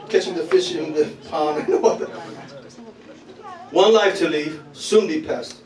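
A man, preaching a sermon as pastor, talking back and forth with the congregation and breaking into shouts and laughter. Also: fairly high pitch, unhurried. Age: 40s. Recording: echoey hall from far off with crowd.

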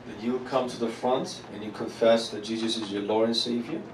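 A man's voice: mid-range voice, fairly even intonation, brisk, background noise. Man preaching in an echoey church hall. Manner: call-and-response preaching, rising to loud declarations. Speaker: pastor. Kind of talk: sermon. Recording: echoey hall, miked from a distance, congregation audible.

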